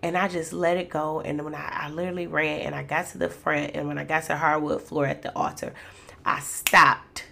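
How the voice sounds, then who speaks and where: A woman's voice: deep voice, level tone, brisk, vocal fry, sharp tone, slight background noise. A woman telling a personal faith testimony to her listeners in an emotional, preacherly way. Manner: emotional, preacherly storytelling addressing listeners as y'all. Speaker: podcast host.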